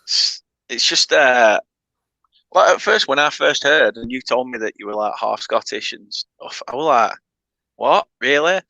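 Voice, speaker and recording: A man hosting a casual chat, animated and quick to laugh. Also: medium pitch, gravelly, no echo, muffled recording. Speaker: host.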